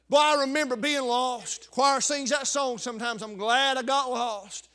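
A man preaching a fervent sermon, rising to shouts at its high points. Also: fairly even intonation, normal speed, hardly any pauses. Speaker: pastor.

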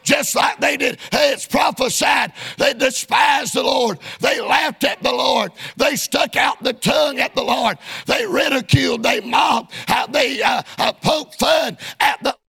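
High-pitched, gravelly, fervent shouting preacher. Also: male voice. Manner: fervent, chanting preaching cadence with frequent "uh"s. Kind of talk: shouted sermon.

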